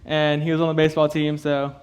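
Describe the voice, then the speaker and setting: A young man with a tells his own story to a youth crowd, his voice sitting a little high. He talks haltingly, stacking fillers and nervous laughs, and sounds close to tears. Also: monotone. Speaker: youth speaker giving a testimony. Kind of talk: personal testimony to a youth group.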